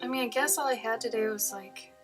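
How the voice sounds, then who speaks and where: A woman's voice: fairly high pitch, fairly quick, over loud music. A woman with a slight Minnesotan accent, chatting and joking casually while she paints on a livestream. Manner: chatty, joking, playful outbursts. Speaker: livestream host.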